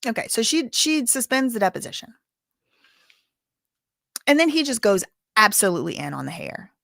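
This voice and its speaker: A woman's voice: on the high side, very animated, moderate pace, gravelly, pauses often, a bit bright, no echo, clean studio sound. A woman hosting a live-stream legal commentary, talking in a conversational, explanatory way with fillers and restarts. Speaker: legal commentary channel host.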